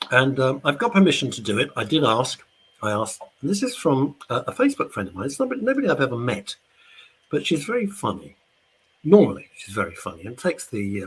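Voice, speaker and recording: A man's voice: mid-range voice, a bit bright, breathy edge, low-quality recording. A man hosting a radio talk show, ranting indignantly and chatting directly to his listeners.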